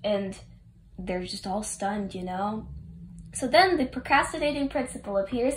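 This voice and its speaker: A woman rambles through a casual story recap, chatty and full of offhand asides. Her pitch sits in the middle range, and the room gives her voice a roomy echo. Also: a little slow. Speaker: fan recapping a game story.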